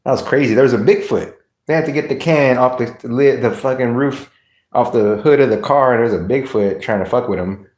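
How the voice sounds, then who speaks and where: A man's voice: mid-range voice, brisk, darkish tone. A man live streaming, chatting casually with viewers in a rambling, laughing way with plenty of swearing. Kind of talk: casual livestream chat.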